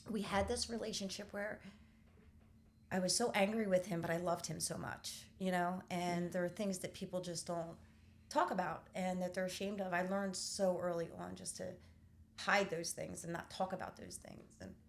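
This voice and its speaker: A middle-aged woman telling a painful family story candidly, pausing often with fillers. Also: on the low side, fairly even intonation, a little hiss or hum. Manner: candid, halting with many fillers. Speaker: podcast host. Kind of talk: personal storytelling in conversation.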